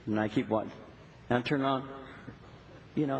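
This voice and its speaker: A man's voice: medium pitch, a little fast, long pauses. A middle-aged male pastor preaching a sermon, telling stories animatedly and acting out little dialogues. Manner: animated storytelling, acts out dialogue. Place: church sanctuary. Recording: long hall reverb, faint noise.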